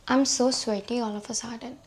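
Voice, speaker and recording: Woman book vlogger, slightly high voice, hoarse from a cold, chatty and self-mocking. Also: steady tone, fairly quick, a little hiss or hum. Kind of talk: casual chat about books.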